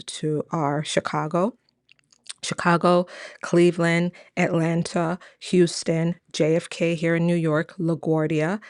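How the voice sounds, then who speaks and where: Chatty woman with a low, dry voice. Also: no echo. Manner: chatty, many fillers, asks viewers questions. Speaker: immigration lawyer and host. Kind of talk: casual news commentary to camera.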